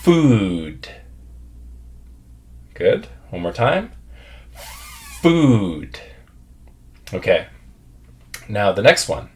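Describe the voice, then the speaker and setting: Slow, lively-toned male pronunciation teacher. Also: on the low side. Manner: patient, repeats words for learners to echo. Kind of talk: classroom pronunciation drill.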